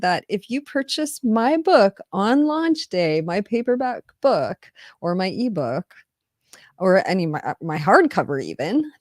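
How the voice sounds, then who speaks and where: A woman talking casually to her live stream viewers in a fairly low voice, rambling along with restarts and quiet laughs. The sound is dry and close, with no room echo. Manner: chatty, rambling, with frequent restarts and soft laughs. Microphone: close mic on a live stream.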